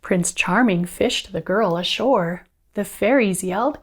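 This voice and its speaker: A woman teacher reading a picture book aloud to children, expressive and coaxing them to join in. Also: medium pitch, measured pace.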